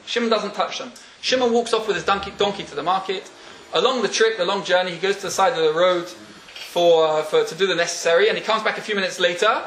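A man with a notably high voice leads a Talmud class, firing questions at his students and laughing between points. The room is echoey. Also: fairly quick, a bit bright, a little hiss or hum. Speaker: teacher.

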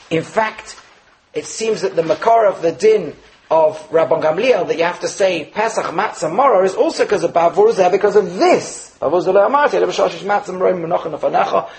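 Man, high voice, lively lecturer, rhetorical questions, Torah class. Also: brisk, gravelly, a little hiss or hum, low-quality recording. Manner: animated, rhetorical questions, mixes Hebrew terms into English. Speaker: Torah teacher.

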